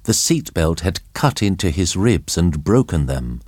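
A man narrating an audiobook chapter in a slow, deliberate, expressive reading. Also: deep voice, no room sound, clean studio sound. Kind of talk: scripted narration of a graded reader.

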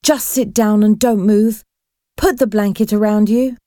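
A woman's voice: mid-range voice, fairly even intonation, a little slow, warm tone, dry recording, clean studio sound, close to an everyday voice. Woman doing a worried, sensible young woman.

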